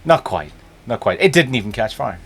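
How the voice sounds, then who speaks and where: A man's voice: mid-range voice, big pitch swings, moderate pace, fairly bright tone, breathy edge. A man with a Northern Irish accent hosting a live stream, chatting casually and greeting viewers by name. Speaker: streamer host.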